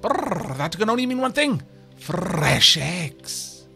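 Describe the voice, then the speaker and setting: A man's voice: high-pitched, big pitch swings, slow, vocal fry, sharp tone, soft background music, heavily acted. A man voicing a shivering villager from a frozen world in a game, explaining things between brrr sounds. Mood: eager.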